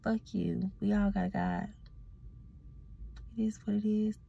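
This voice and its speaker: A woman's voice: mid-range voice, steady tone, measured pace, creaky, dark tone, husky, muffled recording. A sleepy woman, ranting bluntly and profanely in a casual vlog as a self-reflection coach. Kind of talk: casual vlog talk to camera.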